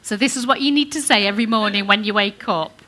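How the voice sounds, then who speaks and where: A woman's voice: mid-range voice, fast talker, bright, forceful tone. A woman giving an informal sermon to couples, chatty and coaxing the audience to join in. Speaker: church speaker on marriage.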